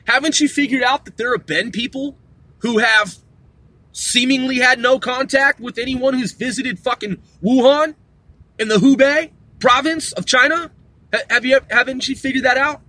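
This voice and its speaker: A man's voice: very high voice, pushed and bright, dry recording. A man delivering a heated, profane rant to camera, emphatic and full of swearing. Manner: heated, emphatic, swearing constantly, calls people "man" and "dude". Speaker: vlogger. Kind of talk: profane ranting monologue.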